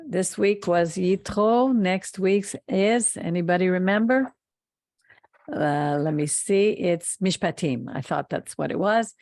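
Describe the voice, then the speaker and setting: Slowly and earnestly, the host of a Torah study program delivers a teaching talk and closing blessing, stressing her points. Her voice is lowish and darkish, and the studio-quality recording has no echo.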